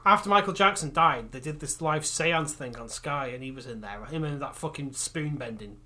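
A man's voice: a little high, normal speed, bright, forceful tone. A man in casual podcast chat, telling stories with animation, swearing and laughing.

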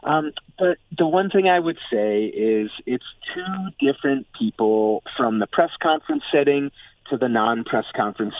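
A man reporting on football as a phone-in guest, talking in an animated, excited way with lots of "like". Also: medium pitch, no room sound. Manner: animated, filler-heavy, excited. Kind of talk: phone-in sports analysis. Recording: tinny phone line.

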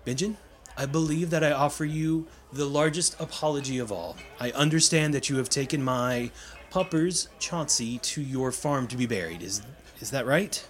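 A man's voice: mid-range voice, close to an everyday voice. A man voicing a courteous, formal nobleman. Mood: earnest. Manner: polite, measured, apologetic formality. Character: formal, genteel young male nobleman.

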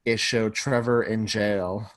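A man's voice: fairly low pitch, fairly even intonation, slow pace, no room sound. A man co-hosting a podcast in casual chat, talkative and full of "like" fillers. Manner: talkative, fills speech with "like". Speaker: podcast co-host.

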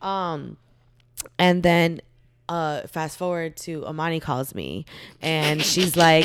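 A woman's voice: fairly low pitch, expressive, slow pace, noisy background. A young woman co-host in casual chat, chatty and slangy, with supportive interjections. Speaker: podcast co-host.

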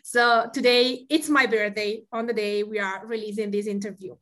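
A woman's voice: medium pitch, steady tone, fairly quick, a bit bright. A woman in her forties from Tuscany with an Italian accent, hosting a podcast and chatting with fillers. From Tuscany, Italy. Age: 40s. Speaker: podcast host. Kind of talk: podcast chat.

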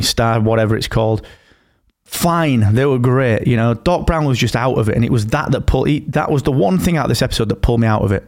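A man in easy podcast conversation, taking his time and circling back to his points. His speech is loose and full of blunt slang. His voice sits in an ordinary middle pitch. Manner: relaxed and rambling, with blunt slang. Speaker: podcast co-host. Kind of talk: casual chat.

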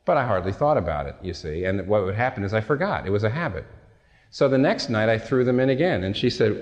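A man's voice: mid-range voice, animated, fast, highs cut off. Guy giving a sermon, chatty storytelling, pokes fun at himself, big echoey hall. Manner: storytelling, self-deprecating, conversational asides. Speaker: pastor. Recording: long hall reverb.

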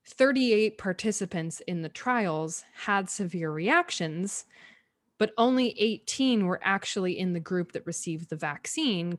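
A young adult woman co-hosting a podcast, explaining facts point by point in a measured, conversational way. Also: mid-range voice, no echo, clean studio sound. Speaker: podcast co-host.

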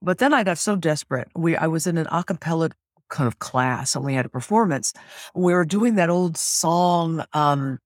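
Middle-aged singer as interview guest; rambling and lively, mid-range voice, dry close recording. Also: medium pitch, moderate pace, no echo. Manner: rambling and animated, with frequent restarts. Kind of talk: candid conversational storytelling.

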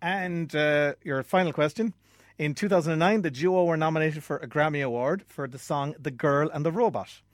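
A quizmaster, a man whose voice sits a little high for a man. He reads each question in a clear, measured way and adds light asides. The sound is dry and close. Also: no echo. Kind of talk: reading quiz questions.

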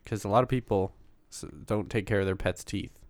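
A man co-hosting a casual podcast chat, telling stories with animated laughter and casual swearing. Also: on the low side, fairly quick, no echo.

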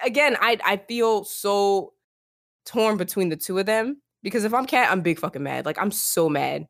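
A young adult woman co-hosting a casual podcast, talking in an animated, emphatic, slangy way and voicing strong opinions. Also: medium pitch, moderate pace, gravelly. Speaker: podcast co-host. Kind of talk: casual podcast chat, reading book passages aloud.

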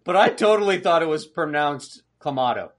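A man's voice: a little high, animated, normal speed. A man co-hosting a podcast in casual chat, giggling and swearing offhandedly. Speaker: podcast co-host.

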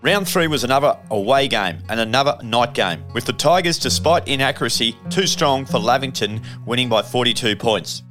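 A man narrating a sports documentary, reading scores and names in a steady, measured way. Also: mid-range voice, soft background music. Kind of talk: scripted narration.

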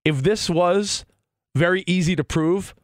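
A man co-hosting a sports talk radio show, bantering in a mock-earnest, animated way and cutting in over his partner. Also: high-pitched, a little slow, no room sound, studio quality. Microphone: studio microphone.

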